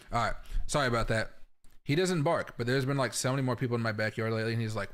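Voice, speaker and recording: Male stream host, mid-pitched, loose and chatty, addressing the audience directly from his house. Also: fast, a bit bright. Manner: chatty, rambling, talks straight to viewers. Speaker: crypto livestream host. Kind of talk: casual livestream commentary. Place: home.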